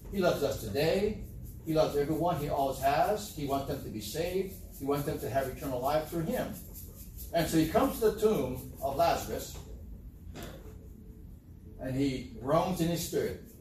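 A man with a slightly high voice delivers a conversational sermon, putting rhetorical questions to his congregation. He sounds a little distant from the mic, and his voice rings through a very echoey room with faint ambience behind it. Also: darkish tone, slight background noise. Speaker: preacher.

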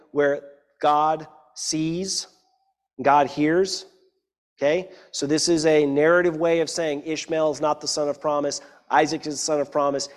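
A man's voice: a little high, long reverb tail. A man preaching a sermon, reading scripture aloud and then explaining it, often checking in with the listeners. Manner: reads scripture then explains it, with frequent "right?" asides.

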